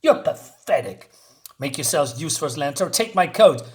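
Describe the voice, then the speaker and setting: A man's voice: fairly high pitch, sing-song, moderate pace. Man voicing a warrior princess, scornful, furious, comic-book dialogue read aloud. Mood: mocking.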